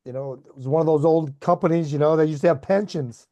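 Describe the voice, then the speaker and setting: Guest, slightly high mellow male voice, folksy fillers. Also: steady tone, quick pace, no room sound, highs cut off. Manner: folksy, filler-heavy reminiscing. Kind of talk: casual chat.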